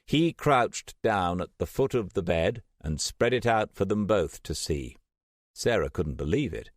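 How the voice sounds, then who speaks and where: Deep guy reading an audiobook, lively delivery, dry close mic. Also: measured pace, dry recording. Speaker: audiobook narrator. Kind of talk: scripted audiobook narration.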